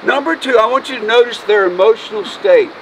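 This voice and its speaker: Man, pastor, outdoor sermon, folksy, emotional, very high voice, distant mic, faint street noise. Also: a little fast. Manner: folksy, emotional, jokes with the congregation. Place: outdoors by a road.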